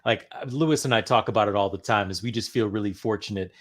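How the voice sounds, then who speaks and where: A man's voice: on the low side, quick pace, fairly bright tone. A male podcast host who asks long, rambling questions with a lot of enthusiasm. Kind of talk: casual interview chat.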